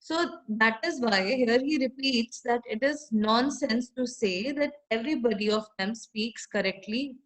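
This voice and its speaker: A woman's voice: fairly high pitch, measured pace, few pauses, poor audio. A woman with an Indian English accent, teaching a literature lesson. She reads passages aloud, then restates them in her own words and asks rhetorical questions. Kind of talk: explanatory lecture.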